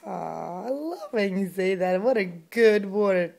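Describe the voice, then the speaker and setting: Mother, pregnant, sing-song encouraging baby talk, mid pitch, home video, slight background hiss. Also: lively intonation, takes it slowly, creaky, darkish tone. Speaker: mother filming her toddler. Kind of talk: home video, coaxing a toddler.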